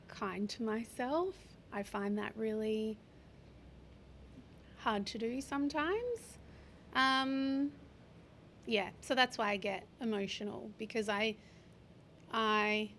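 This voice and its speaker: A woman in her forties, a podcast guest talking openly and with feeling in an interview, sometimes slowing down and swearing for emphasis. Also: fairly high pitch, fairly bright tone, slight background noise. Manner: open, heartfelt, speaks slowly in places, occasional swearing. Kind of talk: candid interview conversation.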